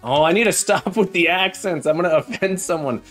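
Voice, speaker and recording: A man live-streams himself coding, thinking aloud haltingly with lots of fillers and restarts while chatting warmly with viewers. His voice sits high and a bit bright, with faint music behind.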